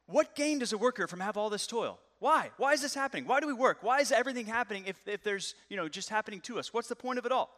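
An exasperated ancient king , as a preacher puts him on, halting everything with loud, high-pitched outbursts. The voice jumps far above the speaker's usual pitch, bright and ringing in a long hall reverb. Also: lively intonation, exaggerated voice.

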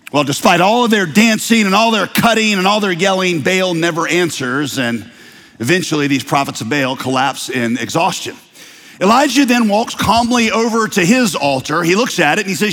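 A man preaching a sermon, telling a story with lively, playful asides. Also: fairly high pitch, big-room sound. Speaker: pastor.

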